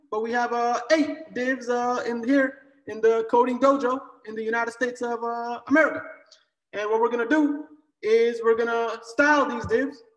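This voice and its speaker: A measured, statesmanlike male leader, as a man puts him on in a voice pitched well above his own, with slow, halting pauses. He sounds unhurried and stately, and the sound rings in an echoey room with a long tail. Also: fairly bright tone, far from the mic. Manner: slow, deliberate pauses with drawn-out fillers.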